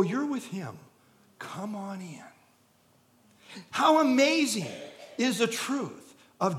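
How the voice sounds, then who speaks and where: A man preaching a sermon, telling an illustration story and building to loud, emphatic peaks. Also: high-pitched. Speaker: pastor.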